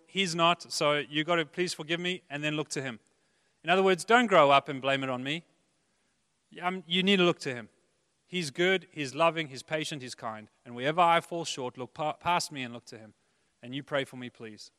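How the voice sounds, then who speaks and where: Bright-voiced preaching man, hall reverb. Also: a little high, fairly quick, smooth, clean studio sound. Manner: earnest, conversational preaching with playful asides. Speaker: pastor. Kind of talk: sermon.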